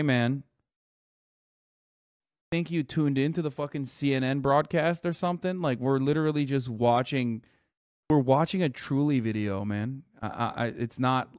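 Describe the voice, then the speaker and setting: A man's voice: medium pitch, darkish tone, dry recording, studio quality. A man hosting a live stream, reacting to a video with blunt, profane, combative commentary. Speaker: livestream host.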